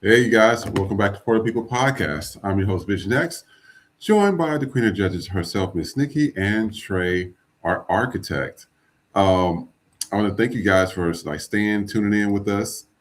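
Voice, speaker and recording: A man's voice: lowish voice, lively intonation, moderate pace, slight background noise. A man hosting a podcast, talking loosely and casually with fillers and restarts. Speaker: podcast host.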